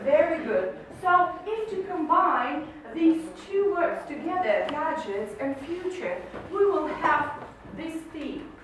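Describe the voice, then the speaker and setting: A woman's voice: very high voice, expressive, takes it slowly, hardly any pauses, heavy background noise. A woman teaching an English lesson to a class, patient and encouraging, explaining with lots of questions. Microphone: camera mic from across the room. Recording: echoey classroom from far off.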